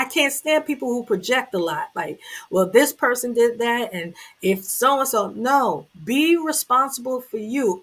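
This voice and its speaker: A woman hosting a motivational talk, speaking earnestly and emphatically to her viewers, with sudden loud, emotional bursts. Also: high voice. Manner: preachy and earnest, talks straight to the viewer. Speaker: host.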